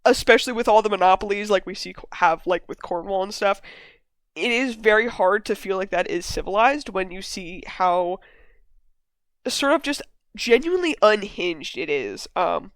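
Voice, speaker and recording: A woman's voice: mid-range voice, expressive, normal speed, dry recording. A woman hosting a casual game discussion podcast, rambling with lots of fillers and casual swearing. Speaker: podcast host. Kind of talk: casual chat.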